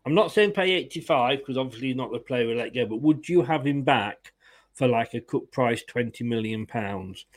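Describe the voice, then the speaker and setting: A man's voice: mid-range voice, animated, normal speed. A man hosting a casual football fan live stream, chatty and opinionated, often laughing as he greets viewers.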